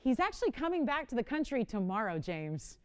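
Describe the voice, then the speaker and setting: A woman's voice: fairly high pitch, sing-song, brisk, darkish tone, clear, resonant tone. A woman in her forties hosting a live home-shopping show, chatty and bubbly, often laughing as she presents. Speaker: shopping channel host. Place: television studio.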